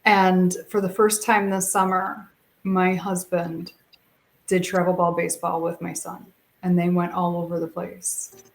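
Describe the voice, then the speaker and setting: Animated, expressive middle-aged woman storyteller. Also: on the low side, a little slow. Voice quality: expressive, animated storyteller who acts out quotes. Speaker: guest, speaker and coach. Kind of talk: emotional personal storytelling.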